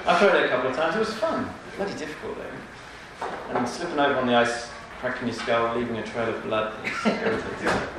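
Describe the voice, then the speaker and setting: A man's voice: medium pitch, fairly quick, hardly any pauses. A man reading a rhyming picture book aloud to a live audience, playful and joking between pages and laughing often. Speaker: reader at a live storytelling event. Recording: echoey room, distant mic, background noise.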